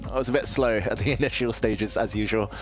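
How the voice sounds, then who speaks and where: Deep-voiced man, thinking aloud. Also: fast, faint music behind. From southeast England. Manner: thinks aloud, self-deprecating, chatty with viewers. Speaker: chess player and streamer. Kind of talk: casual live-stream commentary while playing.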